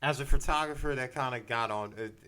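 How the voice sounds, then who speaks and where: A man's voice: mid-range voice, a little fast, sharp tone, clean tone. Joking man co-hosting a podcast. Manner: laughing, joking, loose. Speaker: podcast co-host. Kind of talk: casual wrestling chat.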